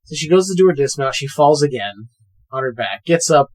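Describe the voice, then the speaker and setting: A man co-hosting a podcast in a casual chat, recapping a film in an animated way, acting out the characters' lines and swearing freely. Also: on the high side, a little fast. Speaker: podcast co-host.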